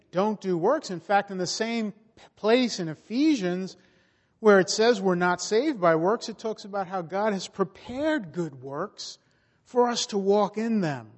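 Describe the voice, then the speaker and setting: A man preaching a sermon slowly and emphatically, his voice rising and swelling in volume for emphasis. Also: high-pitched. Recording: long reverb of a large hall.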